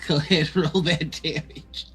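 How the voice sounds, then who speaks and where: A woman's voice: low voice, fairly even intonation, fairly bright tone. A woman running a tabletop game as game master, laughing often between lines. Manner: laughs often, drawn-out delivery. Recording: faint music behind.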